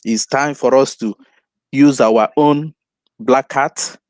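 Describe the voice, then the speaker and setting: A man calling in to give advice, talking haltingly with many pauses. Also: medium pitch, fairly even intonation, a little mellow, no room sound. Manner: halting, hesitant, with fillers. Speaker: caller. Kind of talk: call-in advice.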